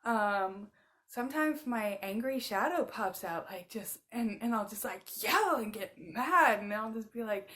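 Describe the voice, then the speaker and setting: Woman, 30s, loose rambling vlog monologue, slightly high voice, frequent laughs. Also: expressive, measured pace, fairly bright tone. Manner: rambling, many filler words, frequent laughs. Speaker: spiritual channeler and musician. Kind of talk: casual monologue.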